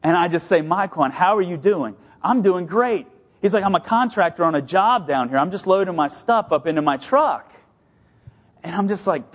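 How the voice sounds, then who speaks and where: Male pastor, middle-aged, fairly high voice, storytelling sermon delivery that moves between brisk and deliberately slow. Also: expressive.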